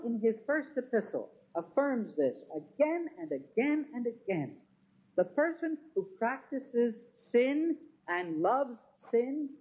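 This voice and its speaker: A preacher giving an emphatic sermon, full of rhetorical questions. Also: medium pitch. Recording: tinny, phone-like sound.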